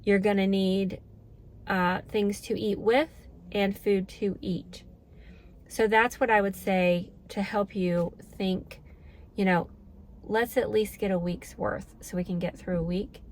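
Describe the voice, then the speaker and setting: A woman's voice: medium pitch, steady tone, slow, a little hiss or hum. A middle-aged woman vlogging in a casual, earnest, heartfelt way to her viewers. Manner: earnest, heartfelt, emotional at moments. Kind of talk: casual talk to camera.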